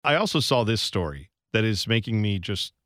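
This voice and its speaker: Male radio co-host, bright tone, dry studio sound, animated jokey delivery. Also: lowish voice, moderate pace, no echo, faint music behind. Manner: joking, slips into mock accents. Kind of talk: casual sports radio banter. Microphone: studio microphone.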